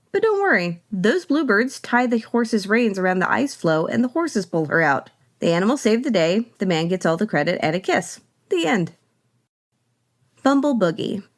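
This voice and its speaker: Female podcast host, mid-pitched, scripted commentary, dry sarcastic asides.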